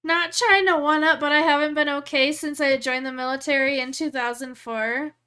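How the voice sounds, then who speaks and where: A woman's voice: sits high, fairly even intonation, pushed and bright. A young woman streaming live, chatting casually and joking at her own expense. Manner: joking, self-deprecating, quick laughs.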